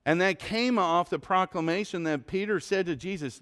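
Pastor telling a story, loud then hushed. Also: male voice, sits high, moderate pace, few pauses, smooth. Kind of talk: sermon.

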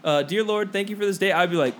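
A man's voice: sits high, fast talker, fairly bright tone. A young man co-hosting a podcast, rambling through a school story, laughing often and acting out the people in it. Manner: rambling, laughing, swears a lot, acts out quotes. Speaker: podcast co-host. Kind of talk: casual storytelling among friends.

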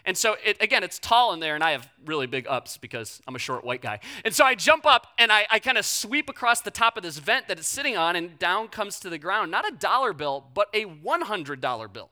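A young man preaching, a pastor telling a personal story in a blunt, animated way. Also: high voice, brisk, few pauses.

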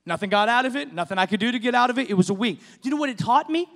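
A middle-aged male pastor preaching with passion, his voice sitting very high for a man. It rings out through a large hall with a long reverb behind it. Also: animated, rapid-fire. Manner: impassioned preaching, rising to shouts. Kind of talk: sermon.

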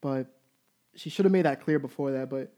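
A man in his twenties telling a story in a casual, candid and profane way, animated as he goes. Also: medium pitch, moderate pace. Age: 20s.

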